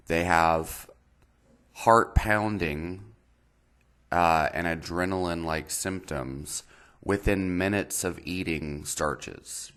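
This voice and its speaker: A man's voice: very deep voice, a bit bright. A man hosting his own health channel, talking in a casual, meandering way with lots of fillers. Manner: meandering, many fillers and pauses. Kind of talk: casual explainer talk.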